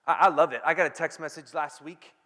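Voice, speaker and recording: A man preaching a sermon as pastor, emphatic, repeating key phrases and dropping from loud to hushed. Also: a little high, steady tone, fast talker, big-room sound.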